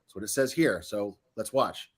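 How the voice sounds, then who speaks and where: A man's voice: on the low side, expressive, normal speed, breathy edge. A man hosting a casual livestream, commenting mockingly, laughing often and swearing freely. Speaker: host.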